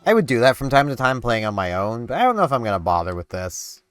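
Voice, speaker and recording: A man's voice: mid-range voice, big pitch swings, quick pace, fairly bright tone, clear, resonant tone. A man giving casual commentary while playing a video game, rambling and thinking aloud. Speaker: let's play gamer. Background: game music.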